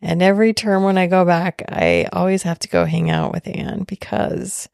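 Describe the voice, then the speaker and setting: A woman podcast host telling a personal story in a slow, heartfelt, soft-spoken way. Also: lowish voice, sing-song, vocal fry, smooth, no echo, clean studio sound.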